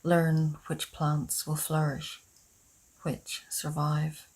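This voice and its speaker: A woman reading her own poem aloud in a measured, unhurried recitation. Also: low voice, completely flat delivery, darkish tone, slight background noise. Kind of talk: poetry reading.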